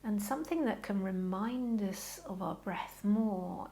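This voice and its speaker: A woman teaching a guided yoga class in a gentle, reassuring, chatty way, softening into slow breath cues. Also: mid-range voice, vocal fry, slight background noise.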